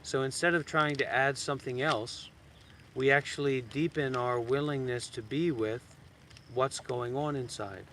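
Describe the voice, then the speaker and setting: A man's voice: mid-range voice, fairly even intonation, a little slow. A man teaching meditation outdoors in a blunt, teasing way. His voice sits in a middle register, and a faint hiss of outdoor noise runs underneath. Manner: blunt, teasing, suddenly loud then soft. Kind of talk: dharma talk. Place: outdoors in a graveyard.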